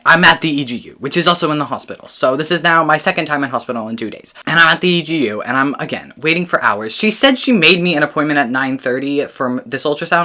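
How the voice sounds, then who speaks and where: British man, brightly forceful voice, swearing and laughing through a storytime vlog. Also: mid-range voice. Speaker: vlogger.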